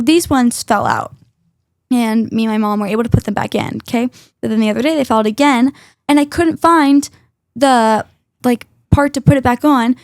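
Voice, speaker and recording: A woman's voice: on the high side, darkish tone, dry recording, studio quality. A teenage girl co-hosting a casual podcast, telling chatty stories and tagging lines with "right?" and "okay?". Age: teens. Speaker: co-host.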